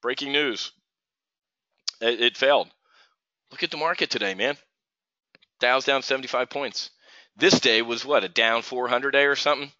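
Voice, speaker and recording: A man's voice: medium pitch, normal speed, pauses often, pushed and bright, no echo. A middle-aged man hosting a live trading stream, ranting heatedly and stumbling over his words as he goes. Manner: heated, ranting, full of restarts. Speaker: host of a live trading show. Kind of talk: casual live stream rant. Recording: dull, dry lo-fi stream audio.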